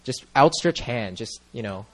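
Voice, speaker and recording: A man's voice: medium pitch, animated, normal speed. A young man sharing a personal testimony at a church gathering, talking into a microphone in a mid-range voice. He rambles earnestly, leaning on "like" and "you know" and breaking into easy laughs. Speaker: church member giving a testimony.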